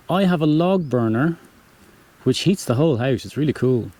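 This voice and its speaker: A relaxed young man with a Dublin Irish accent and a mellow, warm voice. He chats casually through viewer questions and corrects himself as he goes. His pitch sits in an ordinary middle range. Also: fairly quick. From Ireland. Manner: easygoing, rambling, self-correcting. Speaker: channel host answering viewer questions. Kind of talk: casual chat.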